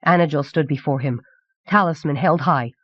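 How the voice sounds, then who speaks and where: A woman reading a novel aloud as audiobook narrator in a measured, clear voice from an old cassette recording. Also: sits low, no room sound. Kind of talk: scripted narration. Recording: dull 1990s cassette audiobook.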